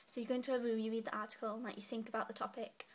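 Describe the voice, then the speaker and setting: A woman's voice: on the high side, little pitch movement, racing. A young woman in her late teens chatting casually to camera from her bed, giggly and rambling, a little out of breath. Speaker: student vlogger. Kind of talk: casual vlog chat. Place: bedroom, lying in bed.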